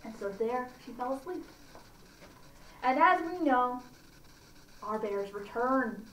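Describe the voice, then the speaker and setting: A woman at a library reading a fairy tale aloud to children, pausing to comment and ask them questions. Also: fairly high pitch, lively intonation, fairly bright tone, a little hiss or hum. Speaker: library storyteller. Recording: roomy, distant mic, faint ambience.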